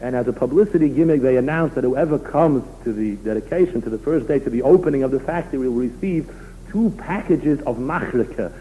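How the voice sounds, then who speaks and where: A man, a rabbi, giving an expressive sermon full of stories. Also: mid-range voice, a little fast, slight background noise. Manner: storytelling, expressive, emphatic. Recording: tinny phone-line recording.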